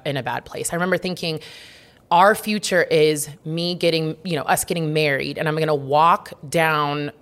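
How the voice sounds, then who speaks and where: Low-voiced woman telling her story. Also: a bit bright. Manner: open, reflective, emotional storytelling. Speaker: guest. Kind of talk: candid personal interview.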